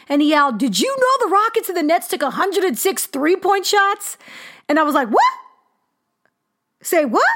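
Female sports podcast host, 30s, high voice, punchy and expressive delivery. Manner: animated, emphatic, exclaiming. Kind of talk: casual sports commentary.

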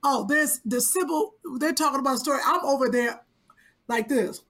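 A woman co-hosting in casual chat, animated and emphatic, often exclaiming. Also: sits high, moderate pace. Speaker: radio veteran and co-host.

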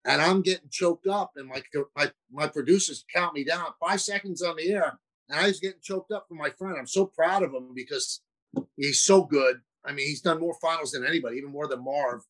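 Male broadcaster guest, slightly high voice, loose and self-mocking, frequent restarts. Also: brisk, fairly bright tone, low-quality recording. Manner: self-deprecating, chatty with restarts. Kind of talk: casual interview chat.

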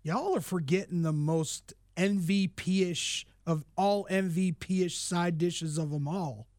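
A man's voice: sits high, takes it slowly, darkish tone, no room sound, studio quality. A man who produces a sports talk show, chiming in with easygoing, jokey comments. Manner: easygoing, jokey, stumbles when laughing. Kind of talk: casual sports radio chat.

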